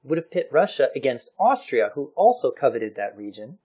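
A man casually explaining history on a podcast, chatty and quick to laugh. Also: mid-range voice, very animated, darkish tone, breathy edge. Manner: chatty, laughs often, slips into playful voices for historical figures.

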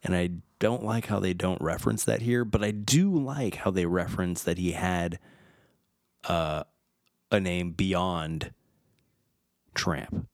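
A man's voice: sits low, takes it slowly, long pauses, no room sound, clean studio sound. A man in his thirties hosting a podcast, reading film trivia aloud in a wry, chatty way and stumbling over names. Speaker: podcast host.

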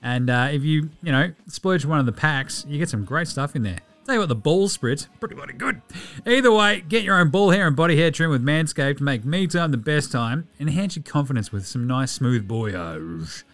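A man's voice: fairly high pitch, normal speed, few pauses, faint music behind. A man with an Australian accent hosting a podcast in casual, irreverent banter, reading an ad with jokes. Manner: jokey, irreverent, lively banter. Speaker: podcast host. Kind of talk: casual podcast chat and host-read ad. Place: podcast studio.

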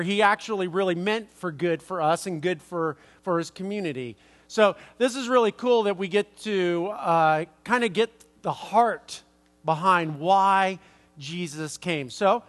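A man's voice: sits high, fairly bright tone. A man preaching a sermon, rambling through a story with many fillers and restarts. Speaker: pastor. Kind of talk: sermon with anecdote.

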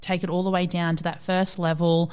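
An Australian woman in her thirties, a fitness coach telling stories in a casual interview, animated and quick to quote people. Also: fairly low pitch, smooth.

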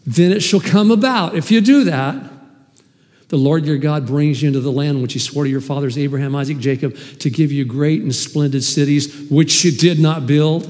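A man preaching a sermon as pastor, animated and emphatic, with sudden swings in loudness. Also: on the high side, moderate pace, in a large hall. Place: church hall.

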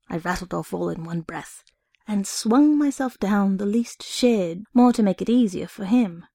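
A woman reading a short story aloud in the first person, steady and wry. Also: mid-range voice, moderate pace, gravelly, husky, dry recording, clean studio sound. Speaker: reader.

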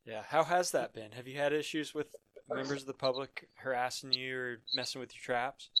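A man's voice: mid-range voice, fairly even intonation, moderate pace, noisy background. A man hosting a casual interview, asking short questions and adding knowing asides. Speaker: host, interviewer.

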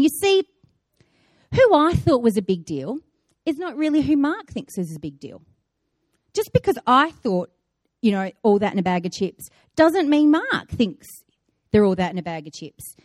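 A woman's voice: high voice, sing-song, moderate pace, darkish tone, no room sound, studio quality. A woman giving a conversational sermon, chatty and playful, telling stories with acted-out asides. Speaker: preacher.

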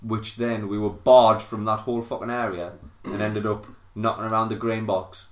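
A man, hosting a podcast and telling animated, sweary stories in casual chat. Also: on the low side, moderate pace, reverberant. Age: 30s. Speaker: podcast host.

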